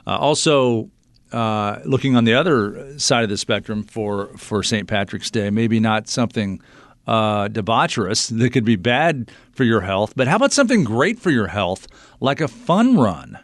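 A man's voice: on the low side, lively intonation, normal speed, no room sound. A man hosting a public affairs radio show, chatting casually with many fillers.

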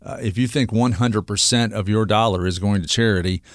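A man's voice: fairly low pitch, brisk, no room sound, studio quality. A middle-aged man hosting a radio talk segment, talking earnestly and rambling with lots of fillers and restarts. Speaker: radio show host.

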